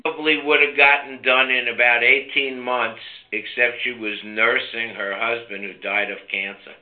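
A man's voice: mid-range voice, little pitch movement, normal speed. Casting: older male call-in host, brash and teasing, tinny narrow phone sound. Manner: brash, teasing, coaxing listeners. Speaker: host of a call-in health show. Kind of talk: casual call-in talk.

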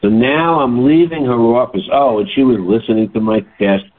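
A man in his late seventies telling a story in a chatty, animated way, as a holistic health practitioner. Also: mid-range voice, moderate pace, breathy edge. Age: older. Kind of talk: casual monologue. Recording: tinny phone-like sound.

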